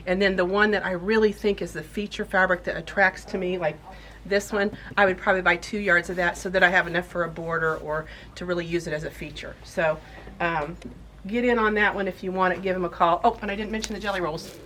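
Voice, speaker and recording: A woman's voice: on the low side, fairly even intonation, a little fast, fairly bright tone, slight background noise. A woman hosting a casual product showcase in a fabric shop, chatty and gushing with enthusiasm. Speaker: quilt shop host.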